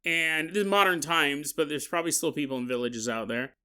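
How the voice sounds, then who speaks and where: Podcast host, male, high bright voice, comedic storyteller who jokes around. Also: fairly quick, clear, resonant tone. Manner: joking, animated, laughing asides.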